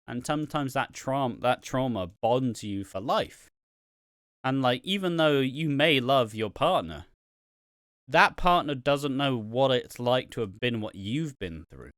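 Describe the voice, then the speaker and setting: Male podcast host, loose rambling delivery full of fillers and swearing, smooth clean voice, dry close mic. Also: mid-range voice, a bit bright, no room sound. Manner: rambling, many "um"s and "like"s, casual swearing. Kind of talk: casual soap review chat.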